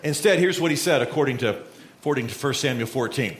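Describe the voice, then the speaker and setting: A male pastor preaching a sermon, telling a Bible story and acting out the quotes with lively, conversational energy. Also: medium pitch, fast. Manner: storytelling, animated, acts out quotes. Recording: roomy echo.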